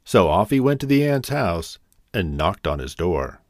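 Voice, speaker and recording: A man narrating a children's fable as a storyteller, with a gentle, expressive reading. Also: sits low, measured pace, no echo, studio quality.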